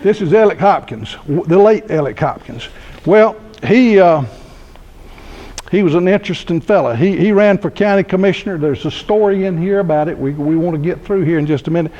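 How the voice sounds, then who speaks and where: Man, sixties, folksy storyteller, mellow and slightly high voice, dull recording. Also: brisk. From Georgia, US. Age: 60s. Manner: folksy anecdotal humor, laughs at own stories. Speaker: keynote speaker. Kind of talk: storytelling speech. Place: university lecture hall.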